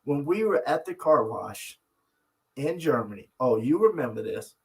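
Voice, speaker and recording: A man's voice: mid-range voice, very animated, moderate pace, a little mellow, low-quality recording. A man co-hosting a podcast with his wife, telling stories in an earnest, reflective way. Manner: earnest, reflective storyteller, many restarts. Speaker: podcast co-host. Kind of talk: casual couple chat.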